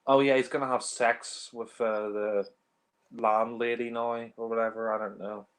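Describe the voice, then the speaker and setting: A man's voice: mid-range voice, little pitch movement, normal speed. A man giving casual, profane commentary on a film, blunt and exasperated, laughing often.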